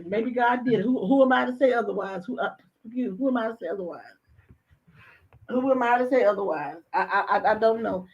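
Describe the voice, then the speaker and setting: A woman's voice: a little high, a little fast. Emphatic woman host, dull lo-fi sound. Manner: emphatic, repeats phrases. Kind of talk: casual chat.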